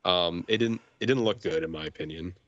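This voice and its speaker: A man's voice: low-pitched, fairly quick, a bit bright, dry recording, lo-fi sound. A man chatting casually in a movie review podcast, rambling with many fillers and restarts. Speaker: podcast host or guest.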